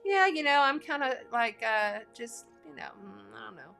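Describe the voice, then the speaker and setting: A woman hosting an astrology show, chatting casually and gushing excitedly over a giveaway. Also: a little high, normal speed, gravelly, faint music behind. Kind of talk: casual livestream giveaway chat.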